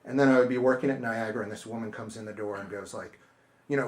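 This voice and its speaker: In a bookstore event space, a middle-aged author gives a casual talk followed by audience Q&A, speaking at a quick pace in a mid-range voice. He tells stories and acts out the people he's quoting.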